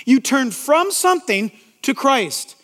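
A man's voice: very high voice, big pitch swings, slow, a bit bright. A man pastor delivering an emphatic sermon to a congregation, asking rhetorical questions.

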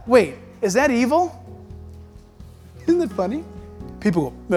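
A man preaching a sermon as pastor, emphatic and animated, acting out quoted voices. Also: extremely high pitch, a little slow, long pauses, faint music behind.

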